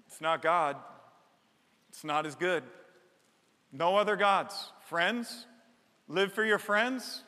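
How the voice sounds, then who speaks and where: A middle-aged man preaching a sermon as a pastor, animated and joking, building to emphatic repeated lines on a stage microphone. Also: high-pitched, unhurried, long pauses. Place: large church hall. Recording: long hall reverb.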